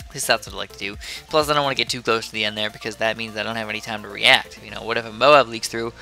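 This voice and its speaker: A man's voice: fairly low pitch, steady tone, racing, gravelly, pushed and bright, soft background music. A sleepy young man giving casual, rambling commentary while playing a game, drifting off topic into chatty asides. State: sleepy, yawning. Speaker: gameplay commentator.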